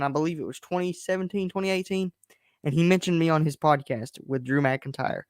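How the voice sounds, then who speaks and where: A man's voice: on the high side, a little fast, smooth, dry recording, clean studio sound. A young man hosting his own podcast stream from his bedroom, talking in a candid, rambling and frustrated way. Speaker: podcast host. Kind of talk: casual solo stream rant.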